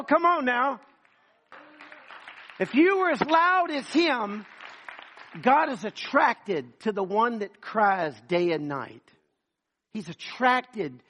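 A man's voice: sits high, fairly bright tone, slightly rough. A man preaching a sermon, telling stories dramatically and acting out the voices.

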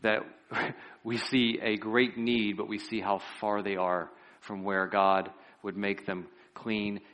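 A man preaching a sermon who retells a Bible story vividly, with lively asides and an earnest, pleading tone. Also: fairly low pitch, takes it slowly.

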